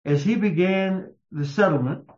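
Man, preacher, slow emphatic sermon, echoey room. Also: darkish tone. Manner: slow, emphatic storytelling with raised-pitch quotes. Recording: echoey, muffled room sound.

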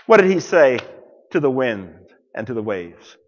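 A man preaching a sermon to a congregation, dramatic, swinging from loud declarations to hushed near-whispers. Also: mid-range voice, very animated, normal speed, long reverb tail. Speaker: pastor.

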